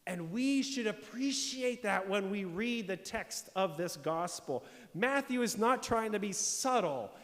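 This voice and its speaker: A man's voice: sits high, animated, measured pace, few pauses, a bit bright, in a large hall. A man preaching a sermon as pastor, explaining scripture emphatically and posing rhetorical questions. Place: church sanctuary.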